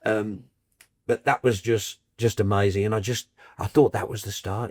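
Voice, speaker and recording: An older man from Birmingham, England, a football broadcaster telling lively anecdotes in a podcast chat and acting out the people in his stories. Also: on the low side, normal speed. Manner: animated storyteller, acts out voices in his tales.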